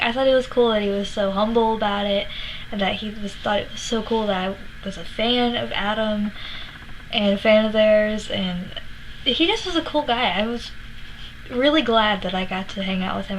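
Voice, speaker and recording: A woman's voice: mid-range voice, normal speed, noisy background. A young woman from Florida telling a story to her vlog audience in a chatty way, acting out quotes, laughing and swearing now and then. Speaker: vlogger. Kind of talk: casual storytelling.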